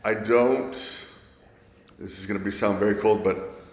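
A man in his forties telling his own story in a conversation, earnest and halting, often restarting his sentences. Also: on the low side, fairly even intonation, a little mellow. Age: 40s. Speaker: guest. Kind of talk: candid personal storytelling in conversation. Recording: echoey, reverberant room.

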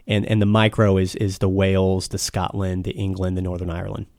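Low-voiced American man explaining patiently. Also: level tone, fairly quick, vocal fry, a little mellow, no room sound, studio quality. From United States. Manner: explains patiently, with frequent restarts. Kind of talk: casual explanatory chat.

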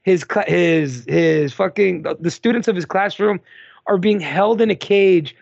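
A man on a casual film podcast with a high, lively voice and a gravelly, husky edge. He talks animatedly, swears and fills his speech with "like". The sound is dry and lo-fi. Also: unhurried, dry recording. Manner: animated, swearing, lots of "like" and "dude". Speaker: podcast co-host. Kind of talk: casual film review chat.

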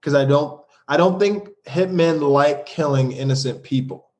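A man's voice: on the high side, moderate pace, darkish tone. A man co-hosting a podcast, chatting about a TV episode in a laid-back, wry way. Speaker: podcast co-host. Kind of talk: casual TV episode recap chat.

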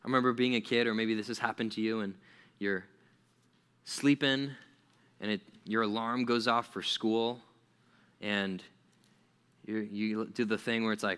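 A man's voice: on the low side, steady tone, a little slow, pauses often, fairly bright tone, smooth. A man preaching a casual sermon to young listeners, chatty and full of "like" fillers, laughing often. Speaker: pastor.

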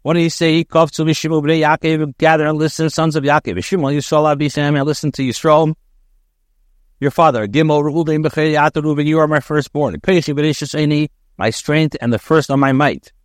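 A man's voice: a little high, steady tone, a little fast, no echo, clean studio sound. A rabbi reading Hebrew phrases and translating each one into English as he teaches, with frequent fillers and restarts. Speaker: rabbi teaching Torah commentary. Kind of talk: line-by-line text study, translating aloud.

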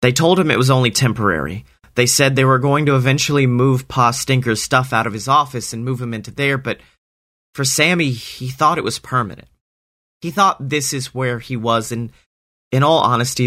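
A man telling an improvised parody story in a slow, earnest, deadpan way. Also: mid-range voice.

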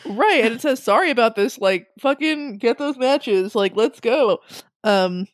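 A woman's voice: on the high side, slow pace, no room sound. A woman chatting casually about a book on a podcast, laughing often and acting out the characters' lines. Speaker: podcast co-host. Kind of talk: casual book discussion chat.

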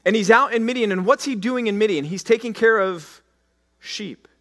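A man pastor preaching a sermon, acting out scripture in the first person and swinging from loud declaiming to hushed, slow emphasis. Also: high-pitched.

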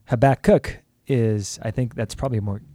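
A man's voice: medium pitch, fast talker, mellow, no room sound, clean studio sound. A man co-hosting a Bible podcast, teasing his partner and laughing easily in casual chat. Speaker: podcast co-host.

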